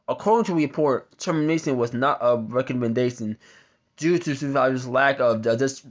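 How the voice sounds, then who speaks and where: A man's voice: medium pitch, normal speed, fairly bright tone, dull audio. A man doing reaction commentary on a news article, ranting with heavy profanity and stumbling over his reading. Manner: stumbles while reading aloud. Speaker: commentary vlogger.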